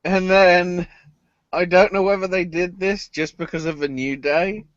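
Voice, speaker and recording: A man hosting a casual wrestling podcast, swearing freely and bursting into loud mock cries. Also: high-pitched, steady tone, unhurried, no echo. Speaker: podcast host. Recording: dull dry lo-fi sound.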